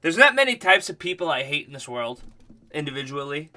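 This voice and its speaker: A man's voice: on the high side, sing-song, brisk, pushed and bright. A male livestream host telling a rambling, profane story in casual chat.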